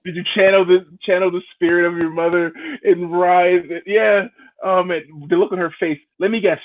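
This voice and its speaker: A man's voice: high voice, flat delivery, moderate pace. A man hosting a casual chat show, talking bluntly and profanely, often stumbling over and repeating his words. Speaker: show host. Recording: tinny phone-like sound.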